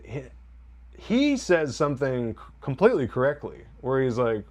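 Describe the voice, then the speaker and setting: A man's voice: medium pitch, sing-song, measured pace, pauses often, a little mellow. A man hosting a TV review podcast, recapping an episode in a rambling, wry way and quoting scenes in mock voices. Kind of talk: casual spoiler recap and review.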